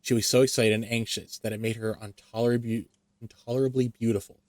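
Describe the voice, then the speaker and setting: A man's voice: mid-range voice, level tone, fast, a little mellow, no room sound. A man reading a classic story aloud expressively, with occasional slips. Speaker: reader.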